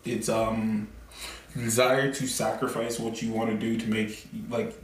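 A man co-hosting a podcast in an animated, laughing way. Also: lowish voice, a little slow. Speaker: podcast co-host. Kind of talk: casual chat. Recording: echoey room with crowd noise.

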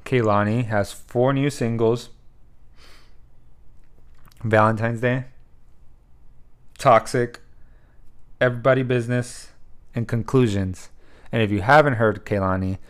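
A man's voice: medium pitch, steady tone, a little slow, pauses often, clean tone. A man co-hosting a podcast, chatting casually and rambling with lots of fillers and swearing. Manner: loose, rambling, swears freely, many fillers. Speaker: podcast co-host. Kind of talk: casual chat.

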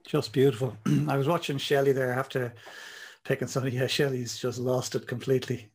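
A man's voice: medium pitch, level tone, fairly quick, creaky, husky. A man hosting a casual chat, encouraging his guest, often restarting his sentences. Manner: warm, encouraging, stumbling restarts. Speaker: host.

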